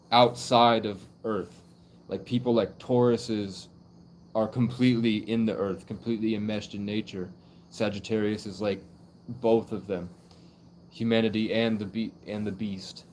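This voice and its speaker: Low-voiced rambling young man. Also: darkish tone, slight background noise. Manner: rambling, heavy use of "like" fillers. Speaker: livestreamer. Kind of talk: casual live stream monologue.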